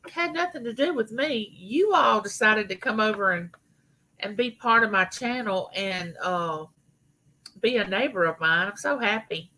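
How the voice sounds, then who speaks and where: A middle-aged Southern woman from Mississippi hosts a casual live chat on her YouTube channel, greeting viewers by name. Her medium-pitched voice moves at a normal speed and sounds pushed and bright. The recording is rough.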